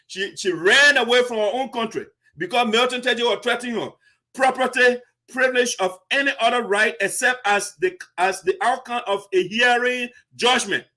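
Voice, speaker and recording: A man hosting a diaspora talk show, reading out constitutional articles and stressing key words slowly. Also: extremely high pitch, sharp tone. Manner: emphatic, slows to stress key words, repeats phrases.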